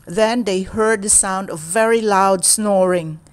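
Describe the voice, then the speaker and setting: A woman reading a children's storybook aloud in a steady, clear storytelling manner. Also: medium pitch, measured pace. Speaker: storybook reader.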